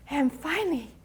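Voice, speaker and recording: At a church gathering, an older woman speaking for a ministry tells a children's story with great animation, her voice extremely high and sharp. She gasps, sighs, and draws out pauses to build suspense, with a little background noise audible.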